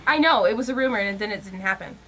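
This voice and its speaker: A woman's voice: mid-range voice, lively intonation, fast talker, bright, forceful tone, a little hiss or hum. A woman co-hosting a casual podcast, bubbly and laughing a lot, eagerly pushing her favourite shows on the others. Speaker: podcast co-host. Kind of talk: casual chat.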